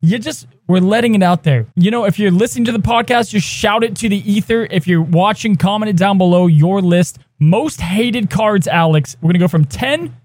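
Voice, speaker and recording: A man co-hosting a podcast, talking in a casual, animated way and hyping up each new segment. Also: high voice, moderate pace, hardly any pauses, no echo, clean studio sound. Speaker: podcast co-host.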